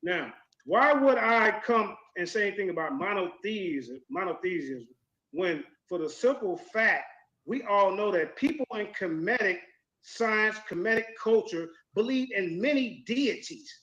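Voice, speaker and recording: A man making combative, forceful rebuttals in a heated debate. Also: high voice, lively intonation, a little slow, echoey room, highs cut off. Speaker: debate guest.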